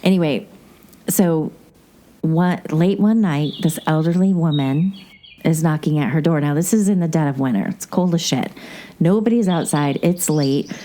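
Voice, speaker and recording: A woman with a low, mellow voice chats casually as a podcast host. She rambles through a story with plenty of asides. Faint noise sits under her voice. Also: moderate pace. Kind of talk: casual movie recap chat.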